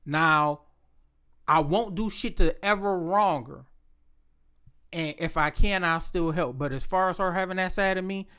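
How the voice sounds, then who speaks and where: A man spins a personal story in a relaxed conversational chat. His voice sits a little higher than most men's. He talks bluntly and swears freely, acting out the quotes with lively energy. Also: unhurried, clean tone. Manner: profane, blunt, animated retelling.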